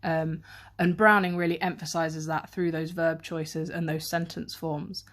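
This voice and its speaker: A woman teacher with a slightly low voice talks through a poem for revision. She reads quotes aloud and picks apart their language in an analytical way. She is recording herself on a handheld camera. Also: level tone, a little slow, fairly bright tone.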